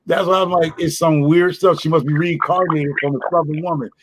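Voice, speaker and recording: A man's voice: fairly high pitch, fairly even intonation, a little fast, noisy background. A man chatting casually as a guest in an online chat, teasing playfully.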